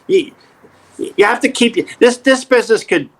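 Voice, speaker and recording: A man's voice: very high voice, unhurried. A middle-aged man, an acting coach, talking in an emphatic, repetitive way in a casual interview. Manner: emphatic, repetitive, animated storytelling.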